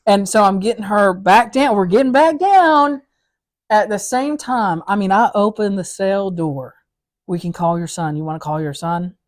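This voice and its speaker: A woman's voice: mid-range voice, moderate pace. A woman officer telling a story in casual chat, acting out the people in it and laughing through the punchlines. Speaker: corrections officer and co-host.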